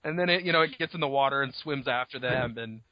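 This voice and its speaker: A man co-hosting a podcast, retelling a story in a casual, profane, animated way on dull lo-fi audio. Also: mid-range voice, quick pace, dry recording. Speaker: podcast co-host. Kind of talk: casual chat.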